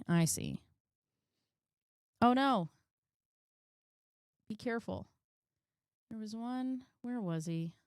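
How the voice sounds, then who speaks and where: Woman reaction host, slow and unhurried delivery, smooth voice, lots of ums. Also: medium pitch, no echo, studio quality. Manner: slow, musing, filler-heavy. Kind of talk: casual video reaction chat.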